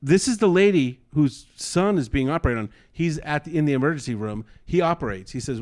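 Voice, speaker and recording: Man, podcast co-host, casual chat, animated storytelling, swears a lot, fairly high voice. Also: fairly quick, few pauses. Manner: animated storyteller, acts out quotes, swears often.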